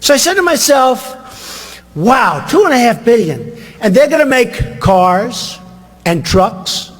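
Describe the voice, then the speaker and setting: Older male candidate at a rally, high-pitched, boastful and rambling, booming hall echo. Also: big pitch swings, slow. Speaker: political candidate. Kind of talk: campaign rally speech. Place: large rally venue. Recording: reverberant hall, long echo.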